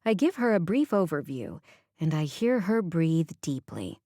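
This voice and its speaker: Low-voiced woman narrating an audiobook. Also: sing-song, measured pace, mellow, no room sound, studio quality. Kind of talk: first-person audiobook narration.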